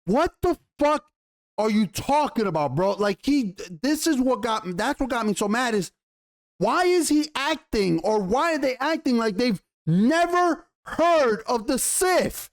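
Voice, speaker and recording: Exasperated male reviewer with a high voice, foul-mouthed, tripping over his words. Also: lively intonation, a little slow. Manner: exasperated, swears a lot, stumbles and restarts. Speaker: YouTube TV show reviewer. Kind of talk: profane ranting review.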